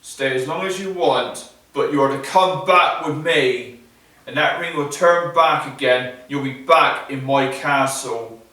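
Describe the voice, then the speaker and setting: A man's voice: mid-range voice, a little slow, pushed and bright, recorded from a distance. A man doing a stern storybook beast in an echoey hall. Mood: generous. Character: gruff male beast, stern then kind.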